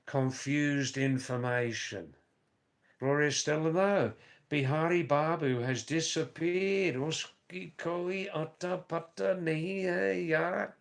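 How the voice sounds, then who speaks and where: A man hosting a live stream, reading out viewers' chat comments and answering them in a slow, rambling way with dry teasing asides. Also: on the high side, gravelly. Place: Nepal or India.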